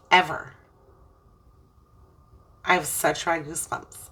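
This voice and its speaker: A woman with a low yet bright, forceful voice gives an earnest, preachy tarot reading. She sounds a little far from the mic. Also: steady tone, unhurried, long pauses. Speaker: tarot reader. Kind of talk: emotional spiritual tarot reading.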